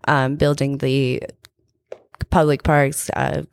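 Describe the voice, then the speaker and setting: A woman guest speaks in a low voice with a gravelly, creaky edge. She is relaxed and laughs easily in casual podcast talk. The sound is dry and close. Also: slow pace, no room sound. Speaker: guest, terrain park builder. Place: booth in a lodge bar.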